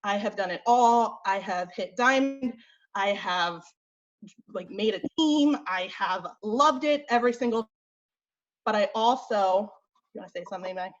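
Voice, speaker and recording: A woman's voice: mid-range voice, lo-fi sound. A young woman leading a motivational team call as a fitness coach, talking bluntly and chattily, a little out of breath. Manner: blunt, chatty, quick with fillers. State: slightly out of breath.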